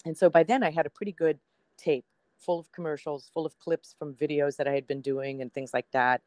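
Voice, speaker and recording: A woman's voice: deep voice, steady tone, fairly quick, a little mellow, dry recording. A woman in her sixties, a TV meteorologist guest, telling a personal story in a podcast interview and acting out what people said. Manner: chatty storyteller, acts out quoted dialogue.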